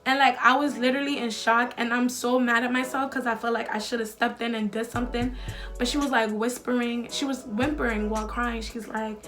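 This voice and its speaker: A woman's voice: on the high side, steady tone, brisk, fairly bright tone, faint music behind. A young woman, telling a storytime vlog in casual, slangy talk full of likes and swearing. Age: young adult. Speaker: vlogger.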